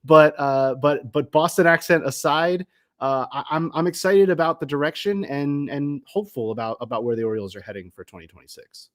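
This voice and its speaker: A man's voice: a little high, fairly quick, a bit bright. A man co-hosting a sports podcast, talking casually and often restarting his sentences. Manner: hesitant, many restarts and repeated words.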